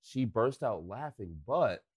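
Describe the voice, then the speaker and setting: A man's voice: mid-range voice, lively intonation, takes it slowly, breathy edge, dry recording, studio quality. A man co-hosting a podcast, teasing the host in a laid-back, casual way. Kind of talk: casual chat.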